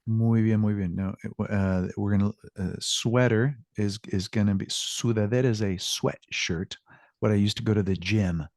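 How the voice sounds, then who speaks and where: Low-voiced man teaching a language class. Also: steady tone, moderate pace, darkish tone, no echo, clean studio sound. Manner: encouraging, repeats praise words. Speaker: Spanish teacher.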